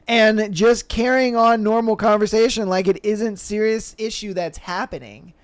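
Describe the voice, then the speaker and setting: A man hosting a podcast in casual chat, animated, swearing freely and acting out quoted voices as he reads and reacts. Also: high voice, moderate pace, clear, resonant tone. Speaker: podcast host.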